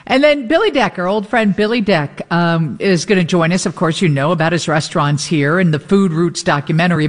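A woman's voice: fairly low pitch, in a large hall. A woman co-hosting a radio show, running upbeat through the day's guests in casual chat.

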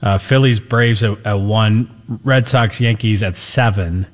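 A man's voice: lowish voice, a little slow, long reverb tail. A man co-hosting a sports talk show, giving matter-of-fact rundowns of games and schedules. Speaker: sports radio co-host.

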